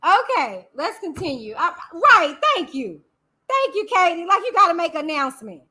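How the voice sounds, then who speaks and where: A woman's voice: very high voice, big pitch swings, moderate pace, pushed and bright. A woman hosting a casual live-stream commentary, sassy and chatty, talking back to her chat. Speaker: YouTube host.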